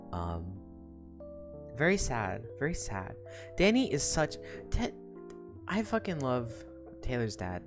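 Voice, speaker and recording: A woman streamer casually recapping a story, profane and emotional, often sighing and laughing between thoughts. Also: a bass voice. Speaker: streamer recapping a web serial.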